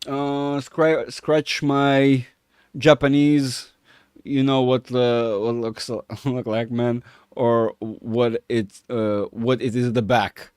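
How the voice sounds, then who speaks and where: A man talks loosely through stock charts in a dry, close-miked recording, mid-pitched and unhurried. He rambles, stumbles over his words and jokes with his viewers as he goes. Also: level tone, a little mellow, clean tone, no room sound. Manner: rambling, self-mocking, chats with viewers. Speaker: market analyst streamer. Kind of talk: casual live chart commentary.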